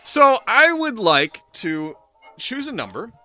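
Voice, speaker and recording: A man's voice: very high-pitched, sing-song, pushed and bright, soft background music. Swearing, joking man co-hosting a podcast. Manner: profane, joking, quick to laugh. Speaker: podcast co-host. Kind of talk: casual podcast chat.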